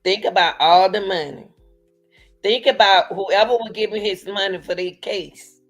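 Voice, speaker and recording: A woman's voice: medium pitch, soft background music. A woman hosting a casual commentary show, talking to her viewers in an emphatic, chatty way. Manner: slow, emphatic, laughing asides, talks to viewers. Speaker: commentary channel host.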